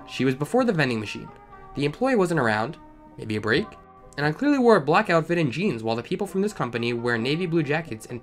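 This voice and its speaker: A man hosting a story channel who reads online stories aloud and breaks into animated, ranting comedic commentary. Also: medium pitch.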